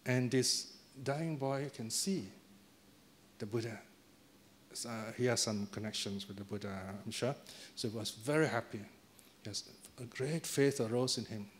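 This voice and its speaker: A man's voice: medium pitch, measured pace, slight background noise. A man giving a dharma talk as a Buddhist teacher, telling a story in a chatty way with chuckles and tag questions to the audience.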